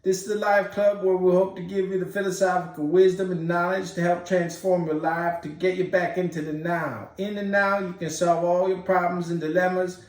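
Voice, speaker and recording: A man's voice: sits high, normal speed, few pauses, lightly acted. A man hosting an online talk room as a preachy Rasta guru with a Jamaican accent, calling everyone brother. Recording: echoey, distant online audio.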